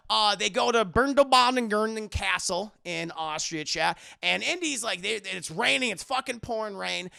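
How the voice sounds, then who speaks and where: A young man recaps a film for a livestream with a heavy gravelly fry in his voice. His tone is bright and forward, and his delivery is loose, rambling and jokey. He talks into a desk mic. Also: sits high. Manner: rambling and playful, with crude humor. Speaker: streamer and movie reviewer. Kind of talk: casual, animated retelling of a film.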